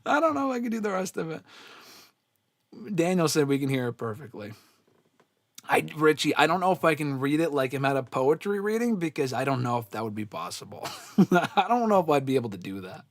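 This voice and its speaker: A man hosts a live-stream wrestling question show, answering fan questions and reading out viewers' chat comments in a loose, giggly, casual way. His voice is mid-range, expressive, and brisk, with no room sound.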